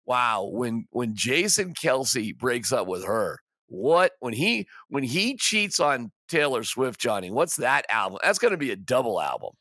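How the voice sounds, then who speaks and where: Man, sports podcast host, lively pitch, dry close sound, exasperated rant. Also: measured pace, few pauses, no room sound. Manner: exasperated, emphatic, stammering restarts.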